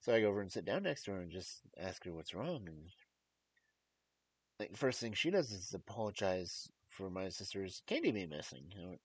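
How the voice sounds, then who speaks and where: Low-voiced male storyteller, casual and rambling. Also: lively intonation, fast, husky, poor audio. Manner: rambling, with many fillers and restarts.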